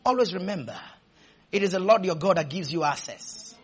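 A man preaching a sermon, leading call-and-response, breaking into shouts and drawing out words for emphasis. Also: sits high, animated, slightly rough. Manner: slows to stretch words for emphasis.

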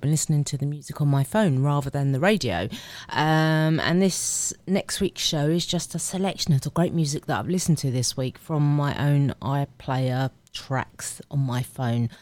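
A woman's voice: sits low, darkish tone, dry recording. A woman hosting a weekly radio music show, chatting casually and rambling as she introduces songs. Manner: chatty, rambling, self-correcting. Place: radio studio. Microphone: studio microphone.

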